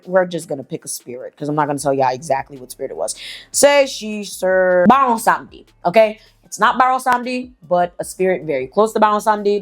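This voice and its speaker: A woman telling a story in a casual, slangy, chatty way, swearing freely. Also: on the low side. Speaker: storyteller host.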